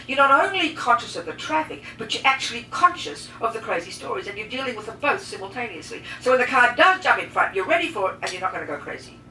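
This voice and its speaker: A woman teaching a talk to a group, lively and emphatic, asking and answering her listeners' questions. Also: on the high side. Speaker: Buddhist teacher. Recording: echoey room, mic at a distance, faint noise.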